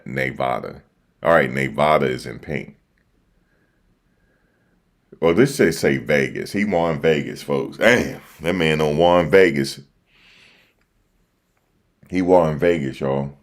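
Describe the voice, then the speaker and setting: Super deep east coast guy chatting on his stream, slangy, says stuff over and over. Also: takes it slowly, long pauses. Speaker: livestream host reacting to election results. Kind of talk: casual livestream chat. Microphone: desk microphone.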